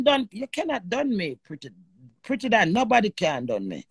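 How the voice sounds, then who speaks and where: A woman with a Jamaican accent hosting a live stream with callers. She is animated and emotional, and swears freely in patois. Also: mid-range voice, normal speed, husky, dry recording.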